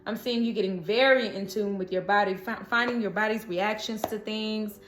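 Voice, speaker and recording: A woman's voice: medium pitch, fairly even intonation, moderate pace, roomy sound, a little hiss or hum. A woman giving a casual, chatty tarot reading, encouraging and laughing often as she talks. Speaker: tarot reader.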